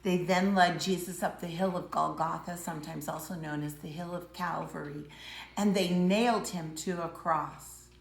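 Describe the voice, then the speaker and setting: Woman, preschool teacher, dramatic storytelling, hushed bits, roomy echo. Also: on the low side, fairly even intonation, moderate pace, creaky. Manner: dramatic storytelling, acting out voices, dropping to hushed tones. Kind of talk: Bible story lesson for young children.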